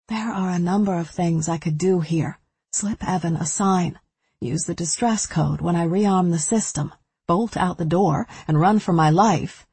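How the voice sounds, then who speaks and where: A woman's voice: lowish voice, steady tone, measured pace, warm tone, slightly rough, dry recording. A woman reading a first-person thriller novel aloud with anxious tension. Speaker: audiobook narrator.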